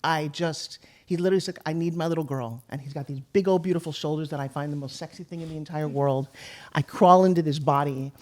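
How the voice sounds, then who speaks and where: Fast-talking older woman, heartfelt. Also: low voice, darkish tone. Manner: fast, heartfelt, tearful at times. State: tearful. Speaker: podcast guest. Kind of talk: emotional casual conversation.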